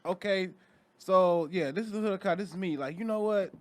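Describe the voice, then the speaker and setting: A young man, a podcast guest, telling a story in casual chat, animated and laughing as he acts out the scenes. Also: high voice, a little fast, no echo.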